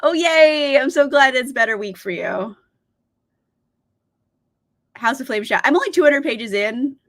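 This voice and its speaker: Brief: young female livestream host, giggly and chatty, bright swooping delivery. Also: high voice, expressive, normal speed. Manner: bubbly, giggly, greets chat viewers by name. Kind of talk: casual livestream chat.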